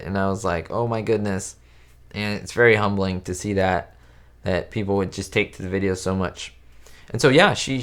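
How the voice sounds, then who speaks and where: A man with a fairly low voice chats casually on a live stream and answers viewers' questions as they come in. He rambles and keeps restarting his sentences. His talk is loose, with lots of "like" and "you know". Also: fairly bright tone. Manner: chatty, rambling, many fillers and restarts. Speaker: YouTube host answering live chat. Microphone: webcam setup at home.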